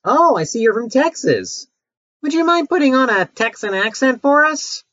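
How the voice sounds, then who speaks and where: A brisk corporate interviewer who talks down to the applicant with deadpan condescension, voiced by a man in a comedy sketch. The pitch swings widely from line to line. The sound is dry and a little muffled. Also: dry recording, heavily acted. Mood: condescending. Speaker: job interviewer.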